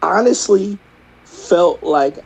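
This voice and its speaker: A man's voice: high-pitched, animated, slow, gravelly, darkish tone, low-quality recording. A man co-hosting a casual movie review podcast, talking earnestly and thoughtfully. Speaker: podcast co-host.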